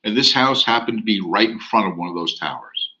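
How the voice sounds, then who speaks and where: A man's voice: lowish voice, brisk, muffled recording. A man telling a real estate anecdote in a lecture, acting out the dialogue as he goes. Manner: animated anecdotal, acts out dialogue. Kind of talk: storytelling lecture.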